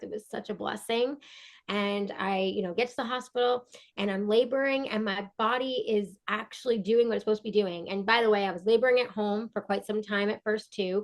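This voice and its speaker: A woman guest on a podcast, a breathwork coach, telling a personal story in an earnest, animated way with many restarts. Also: medium pitch, creaky. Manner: earnest, animated, acts out quoted dialogue.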